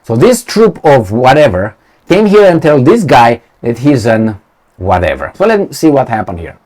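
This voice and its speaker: Blunt sarcastic man with lively pitch. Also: normal speed. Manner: blunt and sarcastic, many fillers. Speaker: political commentator. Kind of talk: casual opinionated commentary.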